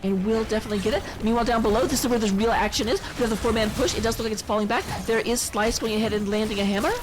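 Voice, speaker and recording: A woman's voice: fairly high pitch, steady tone, very fast, music in the background. A woman casting a live online game match, giving chatty play-by-play with self-deprecating asides. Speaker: esports caster.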